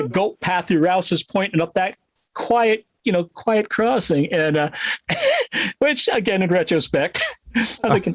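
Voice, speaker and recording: A middle-aged man from Connecticut telling a story in a casual interview, animated and laughing often. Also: high-pitched, normal speed, no echo. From Connecticut, USA. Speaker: guest musician.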